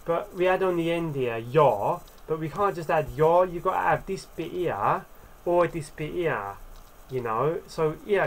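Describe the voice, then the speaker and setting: Rambling casual man teaching a lesson. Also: a little high. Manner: rambling, with many fillers and tag questions; sounds out example words slowly. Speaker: Korean language teacher. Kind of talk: casual explanatory video lesson.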